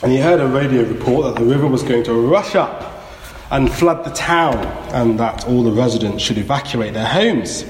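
Earnest preacher in an echoey church. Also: male voice, mid-range voice, normal speed. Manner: earnest, exhorting, repeats key phrases. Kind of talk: sermon. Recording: echoey church hall, faint noise.

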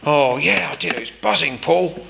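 A man's voice: a little high, expressive, moderate pace, creaky, noisy background. Man putting on a chatty Roman jail guard. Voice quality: put-on accent. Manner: eager, curious, gossipy.

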